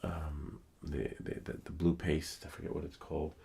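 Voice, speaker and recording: Man, hoarse and very low-pitched with a gravelly rasp, rambling casual streamer chat. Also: little pitch movement, normal speed, dark tone. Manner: rambling, thinking aloud with many fillers. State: hoarse, losing his voice. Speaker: live streamer.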